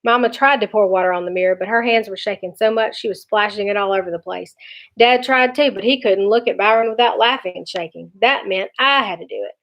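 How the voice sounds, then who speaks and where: A woman teacher reading a children's chapter book aloud in a lively, expressive way. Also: mid-range voice, a little fast. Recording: dull lo-fi recording.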